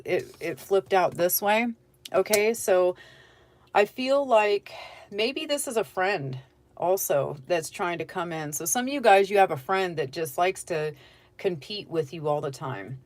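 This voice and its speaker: A woman's voice: fairly low pitch, darkish tone, no room sound. A woman giving a casual tarot reading, talking straight to the viewer and often checking in with "okay?". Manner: chatty, keeps checking in with "okay?"; direct advice to the viewer. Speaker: tarot reader.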